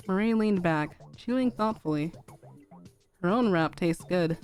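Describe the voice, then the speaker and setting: A young woman streamer narrating a fanfic aloud in a calm, even reading. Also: fairly low pitch, unhurried, clear, resonant tone, faint music behind.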